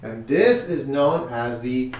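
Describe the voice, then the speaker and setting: This man's mid-range voice is slow and darkish, captured from afar in an echoey room with chalkboards. Upbeat and coaxing, he runs a young children's music class, counting in and chanting call-and-response to draw the kids in.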